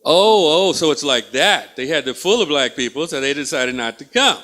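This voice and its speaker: A man's voice: a little high, animated, moderate pace, sharp tone. A male stand-up comedian teasing and riffing with the audience from a small theatre stage. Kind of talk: stand-up crowd work.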